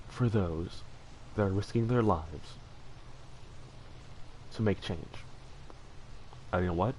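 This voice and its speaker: A man chats casually during a game stream in a fairly low voice, earnest and heartfelt. He rambles, restarting sentences and padding them with fillers. A faint hum sits behind him. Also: a little mellow, low-quality recording. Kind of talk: casual livestream chat while gaming.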